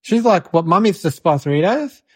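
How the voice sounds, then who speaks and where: A woman's voice: lowish voice, animated, normal speed, darkish tone, husky. A woman performing a cheeky little boy in a comedy sketch, telling a rambling story with giggles and mocking impressions of his relatives.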